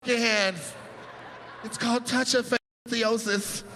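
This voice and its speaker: A man's voice: very high-pitched, steady tone, slow pace, bright, forceful tone, slight background noise, pitched above the performer's own voice, heavily acted, low-quality recording. A man voicing a flustered, bashful young woman who is confused about her own twitchy hand.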